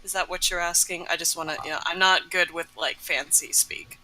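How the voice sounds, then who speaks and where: A woman playing her character in a tabletop game, talking casually and haltingly. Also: fairly low pitch, steady tone, pushed and bright, a little hiss or hum, low-quality recording. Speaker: player.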